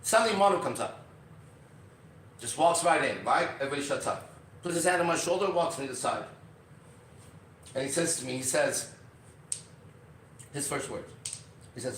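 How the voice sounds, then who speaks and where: A man's voice: fairly high pitch, lively intonation, moderate pace, long pauses, fairly bright tone. Man telling a story in a roomy space. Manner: acts out quoted lines, often adds "right?". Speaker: podcast host. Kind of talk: animated storytelling. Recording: roomy, distant mic with faint noise.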